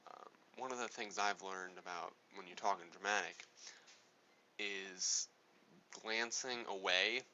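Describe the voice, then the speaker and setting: A man's voice: low voice, steady tone, a little slow, bright, forceful tone, lo-fi sound, a little hiss or hum. A man giving a casual spoken tutorial on speaking, rambling and correcting himself as he goes. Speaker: speaking coach.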